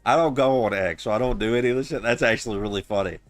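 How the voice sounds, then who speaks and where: A man's voice: mid-range voice, very fast, no echo, faint music behind. A man streaming, reacting to a clip in casual, blunt, profane and mocking commentary on a close mic.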